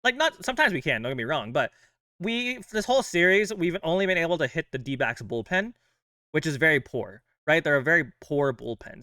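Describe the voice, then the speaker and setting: A man's voice: a little high, bright, forceful tone, smooth, no echo, clean studio sound. A man hosting his own fan channel, chatting in a casual, upbeat way with plenty of loose fillers. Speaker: host of a fan sports channel. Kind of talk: casual chat.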